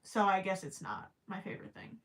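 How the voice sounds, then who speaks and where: A woman's voice: mid-range voice, animated, brisk, a bit bright. A woman hosting a crochet live stream, chatting casually and thinking aloud with stammering restarts, her voice cracking after hours of talking. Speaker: crochet livestream host.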